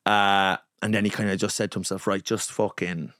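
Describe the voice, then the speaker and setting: A young adult Irish man, a comedian guest, telling a story in casual chat, animated and profane, acting out quotes. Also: on the low side, normal speed, clean tone, no room sound, studio quality. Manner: animated, swearing, acting out quotes in his anecdotes.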